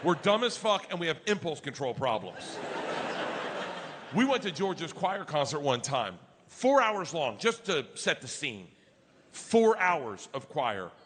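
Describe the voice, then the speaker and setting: A man doing stand-up storytelling, loud and profane, acting out his family in quick voices. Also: fairly high pitch, sing-song. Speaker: stand-up comedian. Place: large comedy venue, indoors. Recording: live venue with long reverb and audience noise. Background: crowd laughter and ambience.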